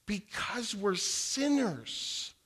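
A man's voice: sits high, very animated, very slow, a bit bright, breathy edge. A middle-aged man preaching earnestly, teaching how to share the gospel, reciting King James verses and stumbling on repeated words. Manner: earnest, repeats words when starting sentences. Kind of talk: evangelism teaching talk.

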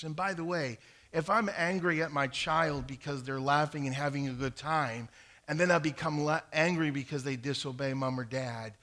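A man preaching a sermon, swinging between loud emphatic stretches and quiet low asides, with a few stumbles and restarts. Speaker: pastor.

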